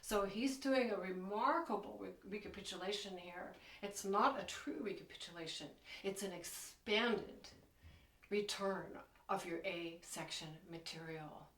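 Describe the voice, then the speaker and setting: A woman's voice: mid-range voice, a little slow, fairly bright tone. A woman piano teacher explaining a piece as she plays, enthusiastic, counting beats and singing phrases aloud. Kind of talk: teaching while playing piano. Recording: roomy, mic at a distance. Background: piano playing.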